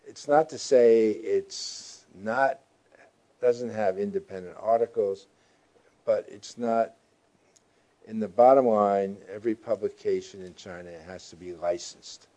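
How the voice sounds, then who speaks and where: An older man with a deep, mellow voice answers interview questions. He talks in a slow, halting way, full of pauses and restarts. He sounds like a seasoned journalist recalling his time on the job. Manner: halting, with frequent fillers and restarts.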